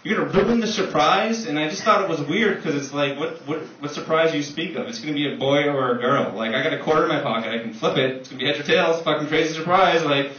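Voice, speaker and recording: Profane young man doing stand-up. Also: fairly high pitch. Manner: profane, animated, fast storytelling. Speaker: stand-up comedian. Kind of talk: stand-up comedy set. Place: comedy club stage. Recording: far-off roomy muffled audio with background noise. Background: audience laughter.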